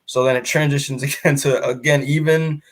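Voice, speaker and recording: A man's voice: medium pitch, fairly even intonation, fairly quick. A man co-hosting a podcast, casually recapping a comic book in a rambling way full of fillers, often acting out the characters' lines. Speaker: podcast co-host.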